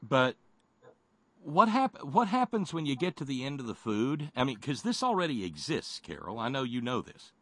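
A middle-aged man co-hosting political talk radio, sardonic and halting, with frequent restarts and stammers. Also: medium pitch, very animated. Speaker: radio host.

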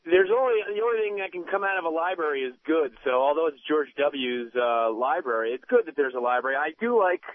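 A man's voice: fairly high pitch, animated, a little fast, few pauses, dry recording. Rambling man calling over a phone. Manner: rambling, full of fillers. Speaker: caller. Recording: dry tinny phone line.

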